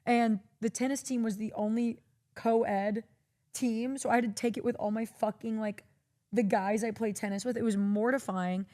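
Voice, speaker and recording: A young Texas woman hosting a stream tells a story in casual chat, animated and swearing freely while acting out quotes in a raised voice. She has a fairly high pitch and speaks at normal speed.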